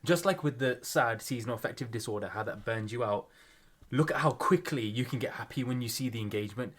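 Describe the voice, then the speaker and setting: A young man chatting casually as a podcast co-host, self-mocking and quick to laugh. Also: medium pitch, fairly bright tone, breathy edge.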